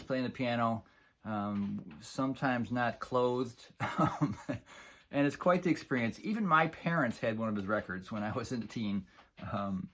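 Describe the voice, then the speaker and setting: A middle-aged man from the Buffalo area of New York speaks in a mid-range, fairly bright voice. He tells a casual, rambling story about an old gig, full of fillers and chuckles.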